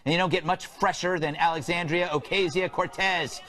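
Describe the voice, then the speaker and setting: A man's voice: sits high, steady tone, pushed and bright, faint music behind. A male talk show host delivering a comedic monologue and joking banter in a TV studio. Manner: quick, jokey, playful. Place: TV studio with live audience.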